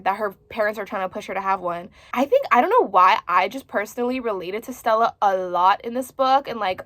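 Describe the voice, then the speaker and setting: A woman in her twenties chatting casually as a book vlogger, expressive and full of filler words. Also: medium pitch, no room sound. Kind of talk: casual chat to camera.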